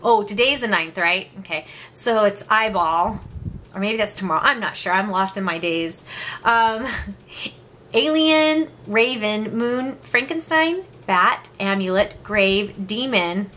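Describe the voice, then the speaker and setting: A bright-voiced woman in her thirties chats casually about her crafts, giggling often and poking fun at herself. She sounds like she's filming at home on a camera mic, with a faint hiss underneath. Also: medium pitch, lively intonation, slow pace. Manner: chatty, giggly and self-deprecating. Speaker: craft vlogger. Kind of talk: casual chat.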